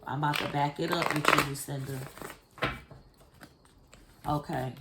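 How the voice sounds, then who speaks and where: A woman's voice: deep voice, steady tone, measured pace. A woman giving a casual spiritual card reading to her viewers, blunt and profane, speaking straight to them. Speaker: tarot card reader. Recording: echoey room with faint noise.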